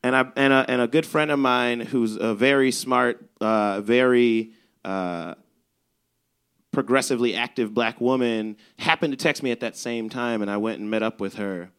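Bright-voiced young male stand-up comic. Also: mid-range voice, moderate pace, clear, resonant tone. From Chicago's South Side. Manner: animated, swearing, acts out quotes. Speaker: stand-up comedian. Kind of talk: stand-up storytelling.

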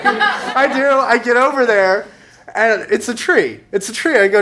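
A man's voice: very high-pitched, sing-song, unhurried. Young guy doing a story set on stage, dry self-mocking jokes, chuckles as he goes, faint hiss underneath. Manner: wry, self-mocking, laughing through his own story. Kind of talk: stand-up storytelling.

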